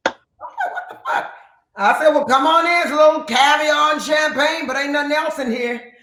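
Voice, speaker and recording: A woman guest telling stories in a casual interview, in a brassy, profane, animated way that slips into sung phrases. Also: high-pitched, fairly quick. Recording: roomy echo with faint piano.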